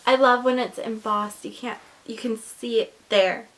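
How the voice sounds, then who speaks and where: A woman chatting casually through an unboxing, gushing and excitable, with gasps and whispered asides. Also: fairly high pitch, a little slow. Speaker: book vlogger.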